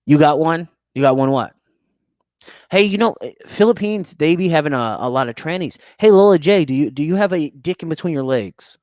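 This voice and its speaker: A man's voice: fairly high pitch, expressive, brisk, a little mellow, dry recording, clean studio sound. A young man, hosting a crude, teasing podcast chat and laughing often. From United States. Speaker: podcast host. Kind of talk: casual chat reading live chat.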